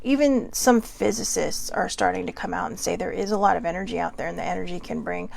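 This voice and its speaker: A woman's voice: fairly low pitch, fast talker, creaky, darkish tone. A woman hosting a casual self-care pep talk, chatty and often checking in with "right?". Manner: chatty, keeps asking "right?". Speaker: host.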